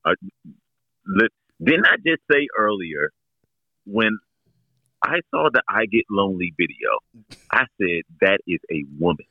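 Deep, expressive man on a dull line. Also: unhurried, long pauses, no echo. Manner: emphatic, chimes in with agreement. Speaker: podcast co-host. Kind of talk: casual chat.

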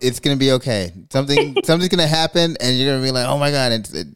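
A man's voice: medium pitch, animated, racing, a bit bright, clear, resonant tone. A man co-hosting a podcast, chatting casually and telling a story with laughs and acted-out quotes. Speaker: podcast co-host. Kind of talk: casual chat.

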